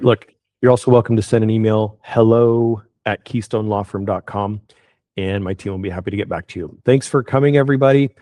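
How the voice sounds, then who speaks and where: A man winds up an online webinar in a relaxed, chatty way, with plenty of ums and uhs. His voice sits low and mellow. The sound is dry and close, picked up by a computer mic on a video call. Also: no room sound. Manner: relaxed, conversational, frequent fillers. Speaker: estate planning attorney hosting a webinar. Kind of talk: casual webinar wrap-up.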